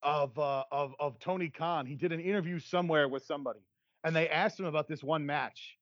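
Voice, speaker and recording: A man's voice: a little high, brisk, a bit bright, dry recording, highs cut off. A man co-hosting a podcast, talking energetically in casual chat. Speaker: podcast co-host.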